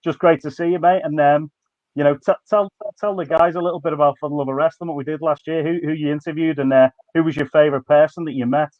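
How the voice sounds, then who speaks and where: A man's voice: a little high, fairly even intonation, fast, dry recording, dull audio. A man hosting a podcast, asking questions in a casual, filler-heavy way. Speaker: podcast host. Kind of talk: casual interview.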